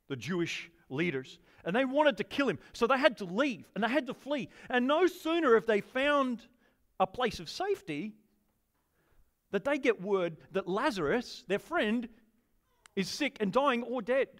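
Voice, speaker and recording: A man's voice: sits high, a bit bright. A man preaching a sermon to a congregation, enthusiastic and conversational, often turning questions to the listeners. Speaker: pastor.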